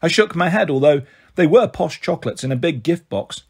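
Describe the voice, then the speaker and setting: Male audiobook reader, steady, breathy tone. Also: fairly high pitch, brisk. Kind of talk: storybook narration.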